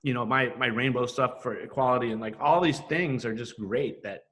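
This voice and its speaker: Speaking fairly quickly in a mid-range voice, a middle-aged man appears as a graffiti artist guest on a podcast. His storytelling is animated and casually profane, and he plays out quoted exchanges.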